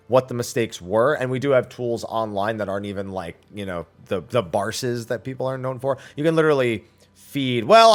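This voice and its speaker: A man streaming a casual Q&A, reading viewer questions aloud and answering them bluntly, his voice slightly raspy. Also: on the low side. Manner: reads chat questions aloud, then answers bluntly and at length. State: slightly raspy after eating. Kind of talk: casual livestream Q&A.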